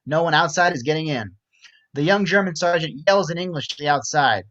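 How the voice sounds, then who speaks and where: A man reading stage directions aloud in a steady, matter-of-fact way. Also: on the high side, fairly quick, lo-fi sound. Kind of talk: script reading narration.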